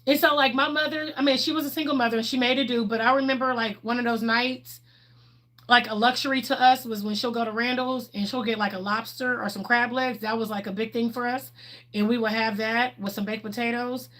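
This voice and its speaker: Chatty woman, slightly high voice. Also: steady tone, a little fast, a bit bright. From Texas, USA. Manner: chatty and candid, laughs often. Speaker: livestream host. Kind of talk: casual livestream chat answering viewers.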